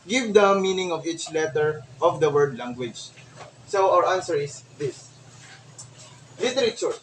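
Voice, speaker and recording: A man's voice: a little high, fairly bright tone. Young Filipino man giving a class report. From Philippines. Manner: explains each point slowly with examples, many fillers. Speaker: student reporter. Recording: roomy, from far off, faint noise.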